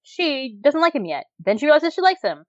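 A woman co-hosting a podcast in casual chat, animated, with lots of fillers and frequent laughter. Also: high-pitched, brisk, no room sound, lo-fi sound. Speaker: podcast co-host reviewing dramas.

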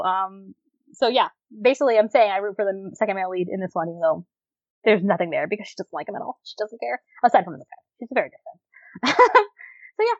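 A woman co-hosting a podcast in casual chat, animated, with lots of fillers and frequent laughter. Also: a little high, dry recording, lo-fi sound. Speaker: podcast co-host reviewing dramas.

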